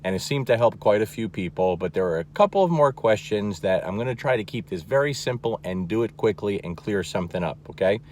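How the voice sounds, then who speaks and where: A man's voice: on the low side, lively intonation, a little fast, hardly any pauses, darkish tone, slight background noise. A man teaching as a dog trainer, talking plainly and emphatically, often checking in with "okay?" and repeating key words. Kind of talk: instructional talk to camera.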